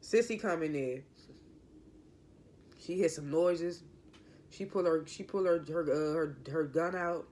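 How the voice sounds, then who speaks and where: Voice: medium pitch, measured pace, long pauses, a little mellow, a little hiss or hum. A TV show reviewer giving a casual recap in an opinionated, rambling way, often correcting themself mid-sentence.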